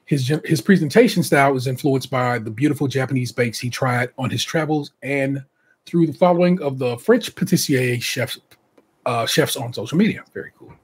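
A man's voice: mid-range voice, moderate pace, husky. A man hosting a casual podcast, reading out contestant bios and breaking off for chatty asides and laughter. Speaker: podcast host.

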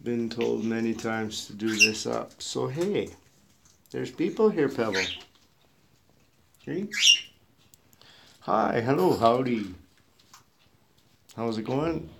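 A man's voice: medium pitch, slow pace, creaky, pauses often. A man hosting a casual live stream with his pet cockatoo, greeting viewers and reading out where they are from with easy chuckles. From Canada. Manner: relaxed, chuckling, reads out viewers' home places. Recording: loud background noise and bird squawks. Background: a pet cockatoo squawking.

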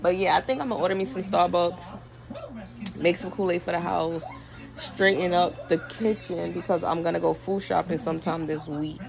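A young woman and mother chatting casually in a vlog at home, relaxed and chatty with lots of fillers. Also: lowish voice, moderate pace, creaky. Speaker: vlogger, mother. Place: home, indoors.

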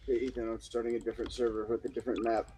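A man in a casual gaming chat, lively and swearing. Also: medium pitch, racing, slight background noise. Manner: lively, swearing, bursts into shouts.

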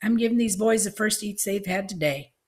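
A woman's voice: medium pitch, brisk, a little mellow, pitched above the performer's own voice, lightly acted. A woman reading an audiobook, voicing a tough, blunt old country grandmother with a dry, unbothered wit.

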